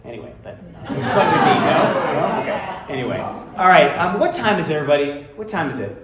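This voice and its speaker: Fast, lively male host joking with a crowd. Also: fairly high pitch. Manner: joking, playful banter with the audience. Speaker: host of a storytelling show. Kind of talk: emceeing a live show. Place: stage in a hall with an audience. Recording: echoey venue with a roaring audience.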